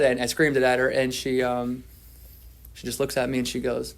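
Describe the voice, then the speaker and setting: A man's voice: medium pitch, completely flat delivery, moderate pace, vocal fry. A man telling his story at a twelve-step recovery meeting, candid and self-deprecating, often restarting his sentences.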